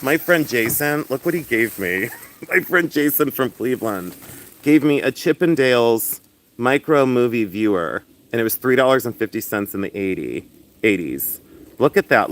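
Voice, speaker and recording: Host: flamboyant man, loud and chatty, live-streaming from outdoors, mid-pitched voice, laughs a lot. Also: slight background noise. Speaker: livestream host selling and showing jewelry. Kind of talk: casual livestream chat. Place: outdoors in the sun.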